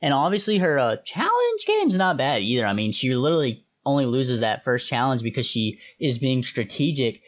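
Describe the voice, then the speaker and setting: A man's voice: medium pitch, sing-song, normal speed, few pauses. A young man casually reviewing players, talking in a chatty, opinionated way with loose slangy asides. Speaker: host reviewing reality show contestants. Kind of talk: casual commentary.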